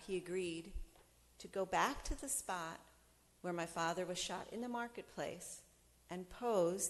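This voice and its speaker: A middle-aged woman from the United States giving a storytelling talk, animated and acting out the people she quotes. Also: fairly low pitch, big-room sound, slight background noise. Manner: animated storyteller who acts out quoted voices. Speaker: speaker.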